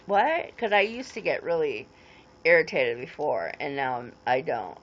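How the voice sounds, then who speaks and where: A woman's voice: extremely low pitch, very animated, normal speed, fairly bright tone, muffled recording. A woman in her forties rambling casually on a livestream, greeting viewers and answering their comments as they come in. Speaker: livestream host.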